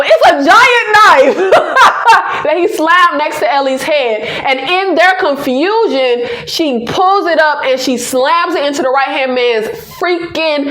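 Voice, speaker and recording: A woman recapping a TV episode in an excited, casual way, exclaiming and laughing as she addresses viewers directly. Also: sits high, echoey room. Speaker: TV episode reviewer.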